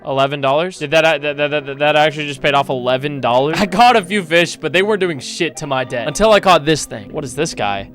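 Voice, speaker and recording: A young man commentating and narrating a horror game, excitable and slangy, swearing often. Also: fairly high pitch, fast, few pauses, faint music behind. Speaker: gaming YouTuber.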